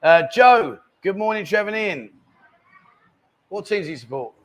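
A man's voice: high-pitched, animated, normal speed. A man hosting a casual live stream from a bar, bantering and reading out viewer comments. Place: bar lounge.

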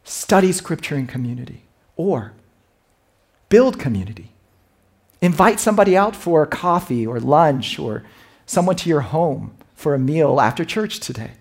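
A male pastor preaches a sermon, moving from plain exhortation into storytelling. His voice sits a little high for a man and has a husky grain. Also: normal speed. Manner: storytelling, lively and warm-hearted delivery.

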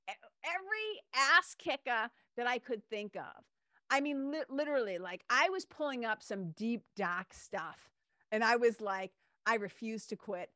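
Lively woman host telling a story. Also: on the high side, no echo, studio quality. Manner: lively storyteller, swears casually. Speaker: podcast host. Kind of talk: casual interview chat.

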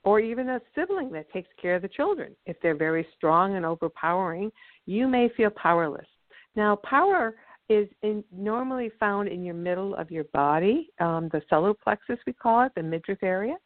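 A woman's voice: medium pitch, animated, normal speed, no echo. Woman on a tinny phone line. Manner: earnest, teaching, acts out quotes. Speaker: guest speaker. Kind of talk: explanatory storytelling.

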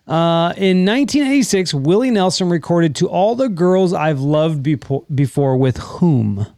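A man's voice: a little high, lively intonation, a little slow, dark tone, no room sound, studio quality. A man hosting a casual podcast and reading out trivia questions, laughing and teasing his friends with casual swearing. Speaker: podcast host and trivia quizmaster.

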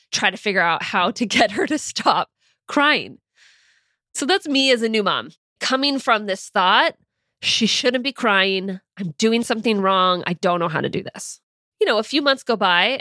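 A woman's voice: mid-range voice, fairly bright tone, dry recording, studio quality. A young woman in a teaching monologue, talking earnestly and casually as a mindset coach and acting out her own anxious thoughts in examples. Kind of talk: teaching monologue with personal stories.

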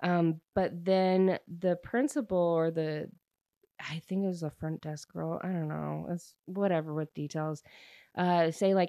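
A young woman talks through a novel's plot for her audience, rambling and full of fillers as she goes. Her voice sits low, and the recording is close and dry with no room sound. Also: fairly even intonation, measured pace, mellow, no room sound. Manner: chatty, rambling, many fillers and restarts. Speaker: book reviewer. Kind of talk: casual plot recap.

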